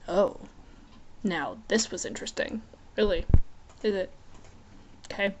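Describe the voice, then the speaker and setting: A woman's voice: mid-range voice, unhurried, long pauses, darkish tone, a little hiss or hum. Woman reading a novel with chatty asides. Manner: chatty, with joking asides between passages. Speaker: reader. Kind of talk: casual fan audiobook reading.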